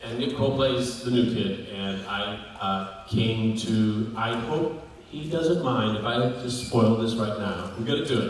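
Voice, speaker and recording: A man at a convention panel telling comic stories in an animated, jokey way. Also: on the low side, unhurried, hardly any pauses. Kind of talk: convention Q&A storytelling. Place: large convention hall. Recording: echoey hall from far off, crowd noise.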